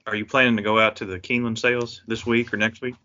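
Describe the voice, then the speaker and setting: A man with a Kentucky accent, co-hosting a podcast and asking casual questions in a folksy, halting way with many "uh"s. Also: fairly low pitch, flat delivery, sharp tone, muffled recording. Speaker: podcast co-host. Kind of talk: casual interview.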